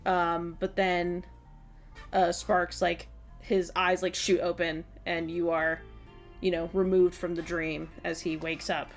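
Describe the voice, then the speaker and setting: A woman's voice: on the low side, little pitch movement, takes it slowly, soft background music. A woman game master narrating a tabletop game scene, talking casually with many fillers. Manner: descriptive, full of fillers like "like" and "um".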